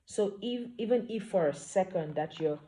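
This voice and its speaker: A woman's voice: mid-range voice, expressive, moderate pace, mellow, voice pushed up, natural voice. A woman voicing a spirited young woman who talks bluntly and sounds exasperated.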